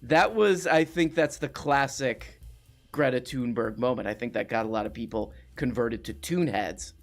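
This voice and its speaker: A man hosting a comedy call-in show, calm and deadpan, flatly echoing his guest's claims back at him. His voice is mid-pitched with a noticeable gravelly fry. Faint music sits in the background. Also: moderate pace.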